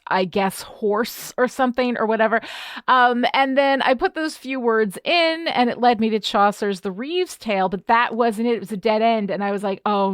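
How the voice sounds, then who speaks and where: A woman from New York State, co-hosting a podcast and telling a story in a lively, self-deprecating way. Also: on the high side, no echo, studio quality. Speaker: podcast co-host. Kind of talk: casual chat.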